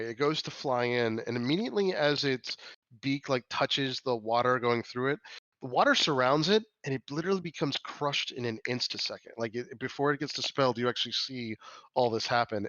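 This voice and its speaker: Halting man running a tabletop game. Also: mid-range voice, bright, forceful tone, no room sound, highs cut off. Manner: halting, restarts and self-corrections. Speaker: game master.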